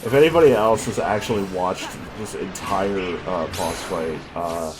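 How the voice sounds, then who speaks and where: A man's voice: low voice, moderate pace. A man hosting a casual video game commentary, joking and laughing as he goes. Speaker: host commentator. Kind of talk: casual let's play commentary. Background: game music.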